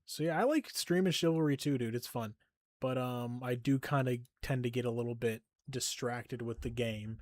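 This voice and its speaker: A man's voice: medium pitch, normal speed, no echo, clean studio sound. A young man live-streaming a game and chatting casually, swearing constantly, joking and laughing often, and sounding tired. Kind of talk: casual stream chat while gaming.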